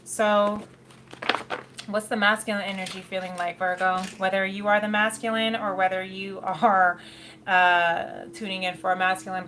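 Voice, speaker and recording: A woman's voice: medium pitch, fairly bright tone. Brief: chatty woman reading tarot, easy mid-range voice, laughs a lot, faint hiss behind. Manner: chatty, laughs often, slips into quoted asides. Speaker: tarot reader.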